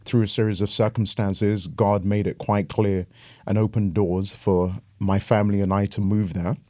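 A man with an English accent, a pastor chatting as a guest in an interview and telling animated, joking stories. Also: lowish voice, normal speed, no room sound, studio quality. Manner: animated, joking storyteller who laughs often.

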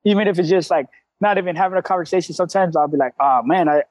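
High-voiced candid streetwise man. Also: racing, a little mellow, dry recording, low-quality recording. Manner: candid, streetwise slang, frequent cussing. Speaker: CrossFit coach, guest. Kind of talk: casual interview talk.

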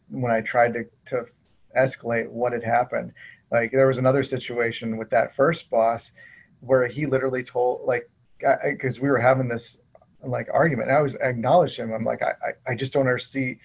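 Gravelly, husky man chatting. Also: mid-range voice, little pitch movement, lo-fi sound. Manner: halting, many restarts. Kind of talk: casual chat.

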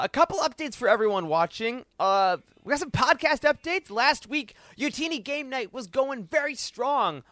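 A man's voice: high-pitched, fairly bright tone, dry recording, studio quality. A man hosting a casual podcast, giving upbeat show updates. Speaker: podcast host.

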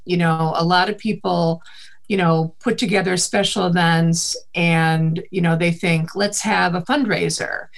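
A woman from the Boston area with a faint Boston accent, a marketing and events guest chatting in an interview, rambling with many fillers. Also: on the low side. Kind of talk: casual interview chat.

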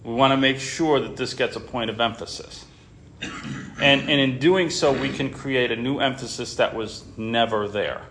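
A male Bible class teacher talking in an informal way to his class. His speech is halting, full of restarts and repeated words. His voice sits at a middling pitch for a man. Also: a bit bright, a little hiss or hum.

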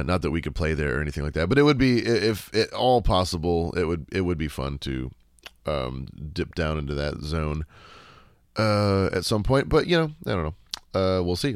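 A man's voice: sits low, clear, resonant tone, no room sound, clean studio sound. A man hosting a casual solo Q&A podcast, laid-back and sarcastic, swearing freely and rambling with lots of fillers and restarts. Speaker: podcast host.

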